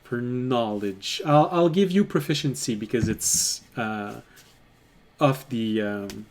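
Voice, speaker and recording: A man narrating a tabletop game as game master, deliberate and quick to laugh. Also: medium pitch.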